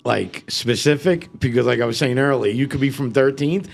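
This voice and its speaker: A man's voice: medium pitch, moderate pace, gravelly. A man from Queens, a comedian chatting casually and jokingly on a podcast. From Queens, New York. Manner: animated, joking. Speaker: comedian guest.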